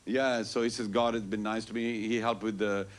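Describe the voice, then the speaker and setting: A man tells a story at a temple Sunday program, animated and full of "you know", quoting others back and forth. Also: on the low side, normal speed. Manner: animated, quotes others in dialogue, frequent "you know" and "I goes". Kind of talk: casual storytelling announcement. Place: temple hall.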